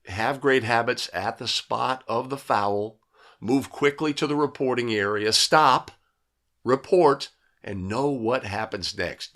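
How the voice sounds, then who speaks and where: A man running a live teaching session for basketball referees. His pitch moves around a lot as he talks, and his speech is chatty and lively. He often checks in with his listeners and answers their comments. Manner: conversational, keeps asking "right?"; reads out and answers viewers' comments. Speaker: basketball officiating instructor. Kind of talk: live video breakdown lesson.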